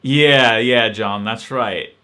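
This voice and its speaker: Bright-voiced man, hesitant chat. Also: medium pitch, takes it slowly, clean tone. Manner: hesitant, many ums and restarts, reflective. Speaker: channel host answering live-stream questions. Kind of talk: casual live-stream Q&A.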